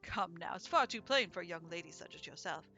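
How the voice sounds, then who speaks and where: Woman doing a soft-spoken gentleman bird. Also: fairly low pitch, animated, brisk, muffled recording, faint music behind, pitched below the performer's own voice. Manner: soft, polite, formal. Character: gentle elegant male bird cafe owner.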